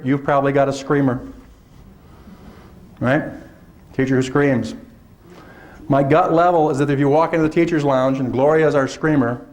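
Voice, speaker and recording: A man giving a lively workshop lecture to teachers, often acting out teachers in put-on voices. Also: on the high side. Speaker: workshop presenter. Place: lecture hall.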